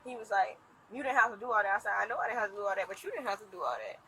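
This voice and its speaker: Fast-talking woman recorded on a bodycam. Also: medium pitch, rough recording. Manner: rapid, animated storytelling with quoted dialogue. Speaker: complainant talking to police. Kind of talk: casual retelling to an officer. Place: outdoors at an impound lot. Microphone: police bodycam.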